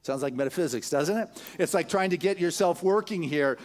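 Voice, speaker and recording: A man's voice: on the high side, fairly quick. A man giving a sermon in a church, retelling a story with casual fillers and building emphatic repetitions. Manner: casual, filler-heavy delivery with chuckles. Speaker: spiritual leader. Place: church sanctuary.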